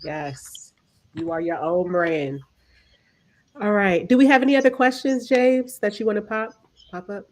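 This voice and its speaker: A woman's voice: mid-range voice, a little slow, a little mellow. A woman moderates a panel discussion. She keeps her remarks brief and affirming as she passes along audience questions.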